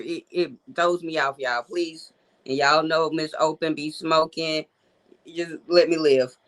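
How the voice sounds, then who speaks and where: A woman's voice: fairly low pitch, fairly bright tone, rough recording. A woman, hosting a live call-in show in a loose, chatty way and talking straight to her viewers. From Georgia, USA. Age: 40s. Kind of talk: casual live-stream chat.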